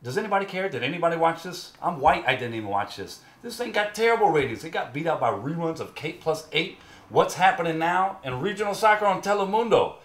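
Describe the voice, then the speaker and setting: A man's voice: on the high side, big pitch swings, fast talker, reverberant. A man co-anchoring a comedy news spoof, rattling off jargon with pompous confidence. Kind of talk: mock political commentary.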